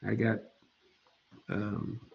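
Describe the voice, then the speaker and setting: Slow, unhurried man in his fifties lecturing. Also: on the low side, little pitch movement, creaky, highs cut off, a little hiss or hum. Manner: slow, deliberate explaining, keeps checking in with "all right?"; informal and joking asides. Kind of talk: online lecture.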